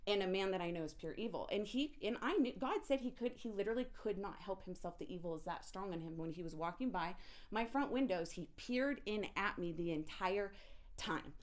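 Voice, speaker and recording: A woman's voice: mid-range voice, brisk. Woman telling an intense personal story. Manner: intense, animated, restarts sentences often.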